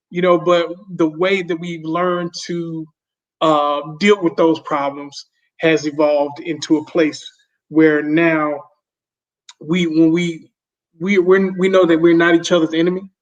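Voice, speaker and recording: A man with a slightly high voice talks in a reflective, halting way and often repeats his words in casual podcast chat. The sound is dull and lo-fi. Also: level tone. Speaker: podcast guest. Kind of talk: casual conversation.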